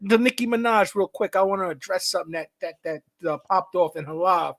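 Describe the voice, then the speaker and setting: A man's voice: high-pitched, a little fast, a bit bright. A man co-hosting a casual live stream, joking and freestyling at times and speaking earnestly at others, often repeating words as he stumbles. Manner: playful, riffing and freestyling, then earnest. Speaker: co-host.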